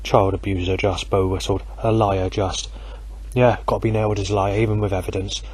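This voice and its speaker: A man's voice: fairly low pitch, level tone, brisk, a little mellow, husky. A man rambling furiously outdoors at night, swearing constantly into a handheld audio recorder. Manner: furious, profane, rambling rant. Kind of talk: angry rambling monologue. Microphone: handheld digital audio recorder.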